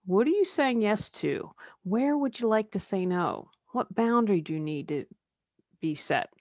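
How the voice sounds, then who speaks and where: A woman's voice: medium pitch, expressive, measured pace, darkish tone, no room sound, studio quality. A woman life coach talking alone on her podcast in a conversational, candid way, with personal asides. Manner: conversational, drops into mocking put-on quotes. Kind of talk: solo podcast monologue.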